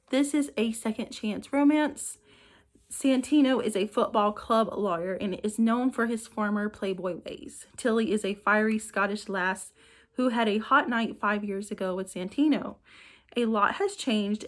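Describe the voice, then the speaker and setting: A woman talks through a list of upcoming romance novels, summarizing each one. Her pitch sits in a middle range, and she reads in an even, easy way, now and then stumbling and correcting herself. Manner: reads summaries evenly with small restarts. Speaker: book reviewer. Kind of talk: reading book blurbs to camera.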